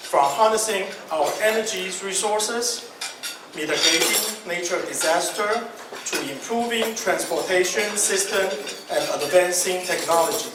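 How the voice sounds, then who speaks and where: A man speaking as a guest speaker at an awards ceremony, reading a prepared letter. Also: high-pitched. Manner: reads from a prepared letter, light joking asides. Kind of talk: formal ceremony speech. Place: large banquet hall. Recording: echoey banquet hall, distant mic, noisy.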